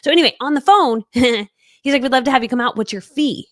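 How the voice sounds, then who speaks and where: A woman's voice: high-pitched, brisk, no room sound, clean studio sound. Bubbly chatty woman coach. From New England, United States. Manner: bubbly, chatty, animated, with laughs and playful acted quotes. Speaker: online business coach. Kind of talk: live training webinar.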